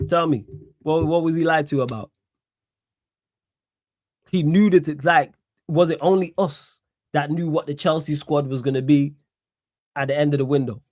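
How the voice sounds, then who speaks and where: A man's voice: a little high, moderate pace, long pauses, darkish tone, no room sound, clean studio sound. Blunt, swearing man streaming solo. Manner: blunt, sarcastic, repeats points emphatically, swears. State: tired. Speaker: streamer host. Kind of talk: solo live-stream sports Q&A.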